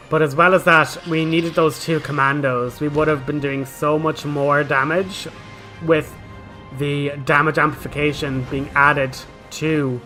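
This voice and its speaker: A man's voice: on the high side, sharp tone, rough recording. A young man hosting a gaming channel, explaining his game strategy in a chatty, casual way full of "like". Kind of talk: casual gameplay commentary.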